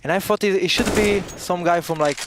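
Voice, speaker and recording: A man from Israel, a pro player chatting casually on an esports desk, halting and amused as he tells stories. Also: high voice, noisy background. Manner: halting, self-correcting, amused storyteller.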